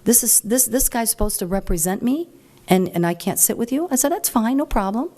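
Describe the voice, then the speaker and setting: A middle-aged woman speaking at a meeting, telling a story in a chatty, frank way and jumping up high when she quotes people. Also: fairly quick. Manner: chatty and animated, acts out quoted voices higher; frank and plain-spoken. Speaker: speaker at a political group meeting. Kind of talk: informal talk to an audience, storytelling.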